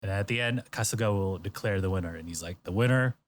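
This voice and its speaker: Lower-pitched animated man. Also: fast talker. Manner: animated storyteller, acts out quotes in exaggerated voices. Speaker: podcast host. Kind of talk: casual chat recapping a variety show.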